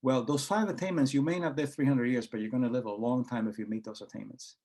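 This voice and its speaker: A man's voice: mid-range voice, fast talker, dark tone. A man talking in a conversational interview, telling anecdotes and acting out quoted dialogue, with frequent hesitations and restarts. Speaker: guest author and researcher.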